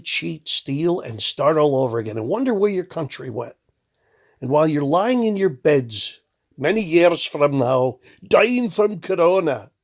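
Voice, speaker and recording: A man's voice: on the high side, gravelly. A man delivering a blunt, contemptuous political rant full of sarcasm. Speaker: political commentator. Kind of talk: ranting monologue.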